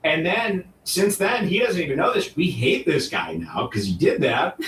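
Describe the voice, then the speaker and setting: A man in a casual commentary, telling a story in an animated way and mockingly acting out other people's lines. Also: on the high side, moderate pace. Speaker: streamer reacting to clips. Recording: echoey room, distant mic, faint noise.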